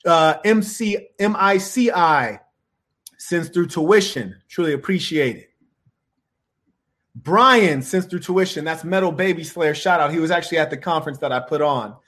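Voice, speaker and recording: High-voiced preachy motivational male host. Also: normal speed, fairly bright tone. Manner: preachy, calls listeners saints, "you dig?". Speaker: channel host answering viewer questions. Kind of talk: motivational advice talk.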